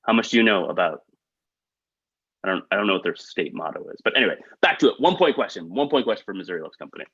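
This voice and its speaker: A man hosting a trivia game over a video call, reading questions with quick joking asides. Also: deep voice, lively intonation, bright, forceful tone, husky, dry recording. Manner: upbeat, quick asides, chuckles at own jokes. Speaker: trivia quiz host. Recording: dull, lo-fi video call audio.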